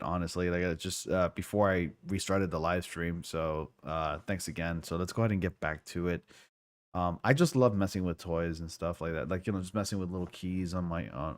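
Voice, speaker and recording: A male game streamer talking casually on a livestream, rambling and goofy. His voice sits a little low, and he is quick to apologize.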